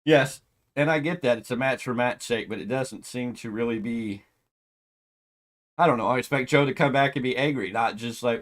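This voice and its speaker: This man talks a little fast in a mid-range voice while picking apart a wrestling show in a casual way. His exasperated rant is laced with sarcasm, getting loud at times and dropping to a mutter at others.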